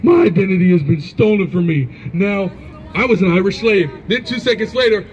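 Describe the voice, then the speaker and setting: Casting: male street preacher, high lively voice, hard-edged and commanding, dull lo-fi outdoor recording. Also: brisk, soft background music. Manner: confrontational, commanding, calls for scripture readings.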